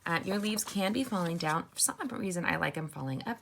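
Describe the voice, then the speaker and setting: Chatty woman, gravelly low voice. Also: expressive, brisk, fairly bright tone, slight background noise. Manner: chatty, upbeat, addresses viewers as "you guys" and "sisters". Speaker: card-making instructor. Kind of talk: casual crafting tutorial.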